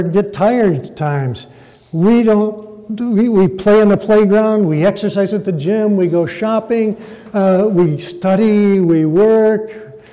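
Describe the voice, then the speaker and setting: A man delivers a sermon at a slow, deliberate pace, his voice fairly high for a man yet soft and mellow. He dramatizes key words and turns to the audience for a show of hands. The sound carries the long reverb of a large hall. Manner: dramatic emphasis, polling the audience. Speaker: preacher.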